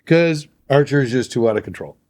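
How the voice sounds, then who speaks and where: A man's voice: medium pitch, lively intonation, fairly quick, darkish tone. Chatty male podcast co-host. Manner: chatty, laughs often, filler-heavy. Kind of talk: casual chat.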